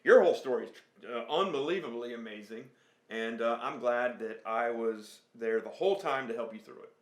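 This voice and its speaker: A man in a podcast conversation, speaking in a relaxed, affirming and thoughtful way. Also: mid-range voice, a little fast. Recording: roomy echo.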